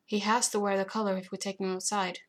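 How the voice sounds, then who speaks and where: A woman's voice: medium pitch, flat delivery, fast talker, lightly acted. A woman reading aloud, voicing a stern, formal male alien emperor.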